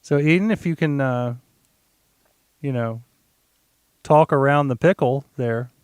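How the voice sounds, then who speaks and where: A man's voice: mid-range voice, measured pace, darkish tone, clean tone, dry recording. A man hosting a casual podcast, joking around and asking lots of questions with plenty of fillers. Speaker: podcast host.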